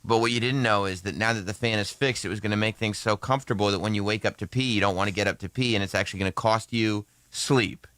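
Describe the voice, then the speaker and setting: A low-pitched man with a bright, forward tone co-hosts a radio talk show, teasing his partner with wry jokes. His voice is close and dry, with almost no room sound. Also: steady tone, fast talker, hardly any pauses, clear, resonant tone, no room sound. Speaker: co-host. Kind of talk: casual radio banter.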